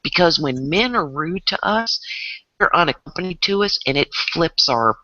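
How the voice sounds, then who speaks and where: A woman's voice: low-pitched, lively intonation, normal speed, bright, forceful tone, dry recording. An older woman with a Southern US accent, talking in a feisty, emphatic, folksy way in a casual group chat. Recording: dull, dry sound.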